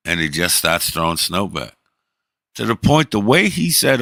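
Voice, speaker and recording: Man, middle-aged, low voice, forceful, profane animated storytelling, streamer. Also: unhurried, gravelly, pauses often, dry recording, clean studio sound. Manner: profane, animated, acts out the people in his stories. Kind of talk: casual storytelling.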